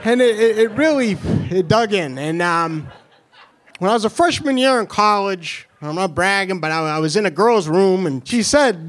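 A young man with a New York accent telling a funny personal story, animated and self-deprecating, with halting restarts. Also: sits high. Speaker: storyteller and comedian. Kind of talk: comedic personal story told to an audience.

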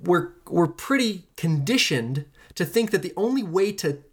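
Preachy and emphatic, a podcast host delivers a solo monologue with passion, repeating phrases for effect and swearing casually. The voice is animated, a little slow and slightly rough, with pitch and pace swinging widely between lines.

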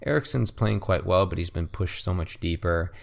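A man's voice: low-pitched, animated, normal speed, gravelly. A man co-hosting a casual sports podcast, rambling and hesitant with many fillers. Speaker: podcast co-host.

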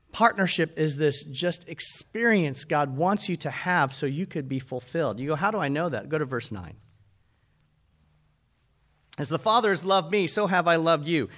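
A man preaching a sermon as pastor, animated and calling out to his congregation. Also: sits high.

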